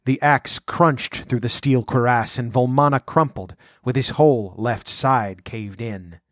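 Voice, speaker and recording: A man reading an adventure story aloud as a measured, vivid audiobook narrator. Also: mid-range voice, dry recording, studio quality.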